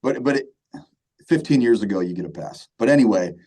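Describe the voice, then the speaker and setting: A man in his thirties with a very low, mellow voice, talking in a relaxed, rambling way. He fills his sentences with "um" and "you know" and keeps repeating himself as he chats casually. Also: brisk, rough recording. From Michigan, USA. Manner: laid-back, many fillers and repeats, says "man" often. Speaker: band vocalist, guest. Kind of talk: casual interview chat.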